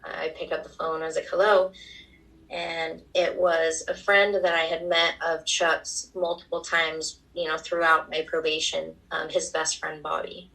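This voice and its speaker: A young adult woman, a guest on a talk show, telling an emotional personal story at a quick pace. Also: low-pitched, level tone, creaky, sharp tone, far from the mic, rough recording.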